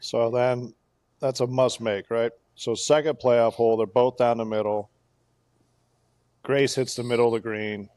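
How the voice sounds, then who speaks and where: A man co-hosting a casual golf podcast, telling a play-by-play story with animated bursts of excitement. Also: mid-range voice, measured pace, dry recording, clean studio sound. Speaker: podcast co-host.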